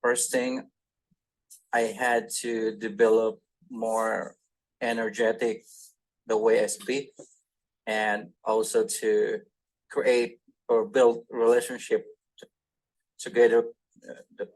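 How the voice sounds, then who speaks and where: Man, low flat voice, slow, halting, searching for words. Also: low-quality recording. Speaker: sales trainee. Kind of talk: answering a trainer.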